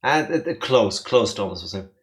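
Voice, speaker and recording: A man's voice: mid-range voice, expressive, a little fast, a bit bright. A man co-hosting a let's play, chatting casually and hamming up the game's lines in mock-dramatic voices. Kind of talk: casual gameplay chat with voiced readings. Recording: faint music behind.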